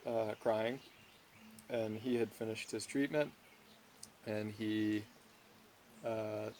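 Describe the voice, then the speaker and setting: A man in his thirties from Washington, D.C., giving a slow, hesitant personal testimonial full of pauses and fillers. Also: medium pitch, darkish tone, a little hiss or hum. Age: 30s.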